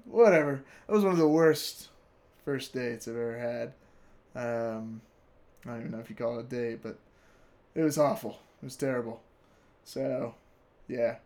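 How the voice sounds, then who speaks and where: A young man telling a story casually, animated and profane, laughing often and acting out what people said. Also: mid-range voice, normal speed, long pauses.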